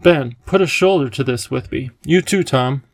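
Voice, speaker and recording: A man's voice: medium pitch, normal speed, no room sound, natural voice. A man voicing a kindly, eccentric elderly professor who speaks in a cheerful, lecturing way.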